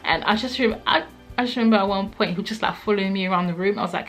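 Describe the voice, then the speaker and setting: A young woman vlogger telling a personal story in a casual, animated way, acting out what people said. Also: mid-range voice, racing, faint music behind. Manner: animated, acts out quotes, frequent "like".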